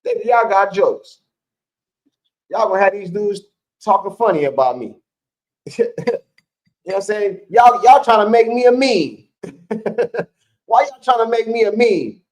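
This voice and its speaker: A man's voice: high-pitched, animated, measured pace, long pauses, poor audio. A man co-hosting a live sports stream, chatting casually in slang with his viewers and laughing often.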